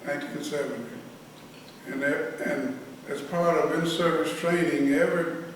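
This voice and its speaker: Older man, halting storyteller, echoey room. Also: a little high. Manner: rambling, halting storytelling with many restarts. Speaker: interviewee, veteran and former prison director. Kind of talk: oral history interview. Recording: echoey room, mic at a distance, faint hiss.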